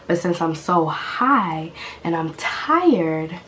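A woman's voice: on the low side, slow pace. Brief: woman in her 20s, sick and a bit coughy, casual slangy storyteller, faint noise behind her. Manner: animated, slangy, talks straight to viewers. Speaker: vlogger.

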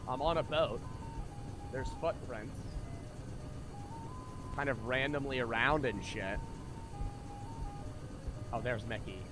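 Rich: A young man streaming a horror game live, talking loosely and profanely to his chat as he plays. His voice sits at an ordinary middle pitch, and game music plays steadily behind him. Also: slow pace, long pauses. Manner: casual, profane, chatty with viewers. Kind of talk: live gameplay commentary.

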